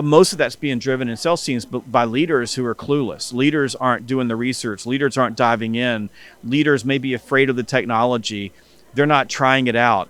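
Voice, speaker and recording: A man being interviewed as a podcast guest, telling stories in a conversational way and acting out the dialogue he quotes. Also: mid-range voice. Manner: animated, acts out quoted dialogue.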